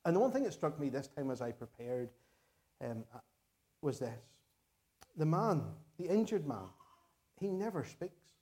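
Northern Irish male pastor, mellow voice, earnest sermon delivery, repeats phrases for emphasis. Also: fairly high pitch, big pitch swings, unhurried, pauses often.

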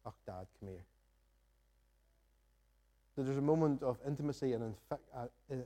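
In a mellow, warm, medium-pitched voice, a pastor delivers his sermon from the front of the church, reading scripture and putting searching questions to the congregation with earnest reflection.

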